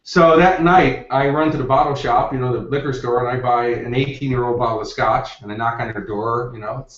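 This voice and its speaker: In an interview captured with roomy, distant, dull lo-fi audio, a male success coach with a mid-range voice shares anecdotes at a brisk pace. His intonation is fairly even, yet he tells the stories with energy and performs the quoted lines.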